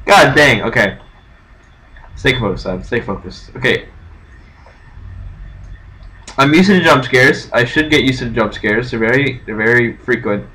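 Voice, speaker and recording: A man playing a game, commenting nervously to himself and haltingly reading on-screen text aloud. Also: medium pitch, animated, sharp tone, low-quality recording. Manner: jumpy, nervous self-talk. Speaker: game streamer. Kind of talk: let's-play commentary.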